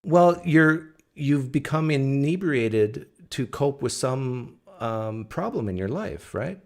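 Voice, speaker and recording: A male host running a live Q&A stream, his pitch swinging widely as he talks. He is teasing and animated with his callers, in a casual chat style. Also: slow. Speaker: livestream host.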